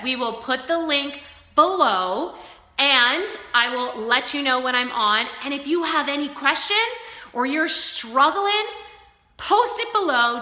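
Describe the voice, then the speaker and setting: Bright, high-voiced woman giving a pep talk. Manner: energetic, pep-talk, speaks straight to viewers. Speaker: fitness coach. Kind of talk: motivational live-stream talk. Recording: echoey room with long reverb.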